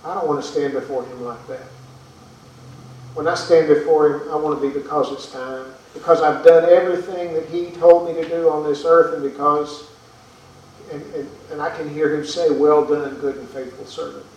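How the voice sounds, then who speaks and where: Preacher heard from afar in an echoey hall. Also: male voice, on the high side, steady tone, moderate pace, a little mellow, slight background noise. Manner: earnest, rhetorical questions, repeats words. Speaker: pastor. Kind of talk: sermon. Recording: echoey room from far off.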